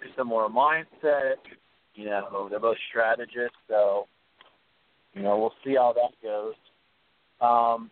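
Man on a tinny phone line. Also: medium pitch. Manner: rambling, with frequent restarts. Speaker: podcast host. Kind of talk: casual TV recap talk.

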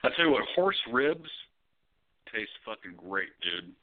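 A man's voice: on the low side, a little slow. Guy on a podcast telling stories, swears a lot, voice jumps around, sounds like a phone call. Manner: animated storytelling, profane. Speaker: podcast co-host. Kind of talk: casual chat. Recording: tinny phone-like audio.

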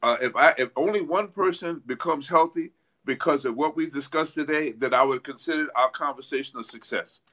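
The man speaks with a New York accent in a slightly raised register. He lays out his points earnestly, one step at a time, often starting over mid-sentence. It is relaxed, conversational interview talk. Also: a little high, brisk. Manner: earnest, explains step by step with restarts. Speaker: guest, fitness coach.

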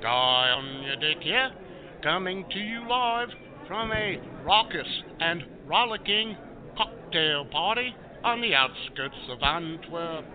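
A man voicing a slow-talking male foreign correspondent who tells a joke in a grandiose, drawn-out way. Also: high-pitched. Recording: tinny phone line with party crowd.

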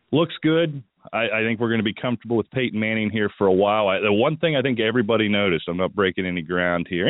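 A low-voiced man hosts a fantasy football radio show. He sounds like he still has his morning voice and gives opinionated, thinking-aloud advice. The recording is dry and tinny, like it came through a phone line. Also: no room sound. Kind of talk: casual sports analysis talk radio.

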